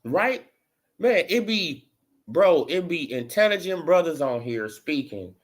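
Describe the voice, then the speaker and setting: A man with a slightly high voice speaks a little slowly in his casual boxing rant as a commentary vlogger. He's full of slang and fillers like "bro" and "you know," ramping up to animated mocking in the back half.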